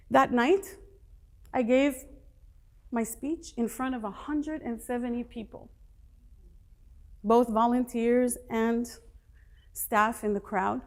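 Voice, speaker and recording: A woman's voice: a little high, steady tone, slow, pauses often, a little mellow. A middle-aged woman motivational speaker telling her personal story to a live audience, emphatic and dramatic.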